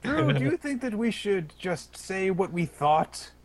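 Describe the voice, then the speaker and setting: A man playing a tabletop game with a high voice that swings widely in pitch. He delivers his lines with a wry, teasing edge. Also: very animated, measured pace. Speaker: player.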